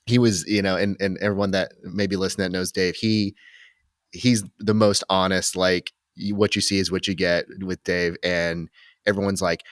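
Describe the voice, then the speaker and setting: A man with a very low voice hosts a casual interview podcast. He speaks reflectively and wanders through his thoughts with many restarts. The recording is dry and close. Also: flat delivery, moderate pace, no echo. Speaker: podcast host.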